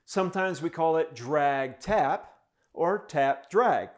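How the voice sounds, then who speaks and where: Slow-talking male drum teacher. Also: fairly high pitch, expressive. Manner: vocalizes rhythms with syllables while demonstrating. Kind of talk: step-by-step instrument lesson.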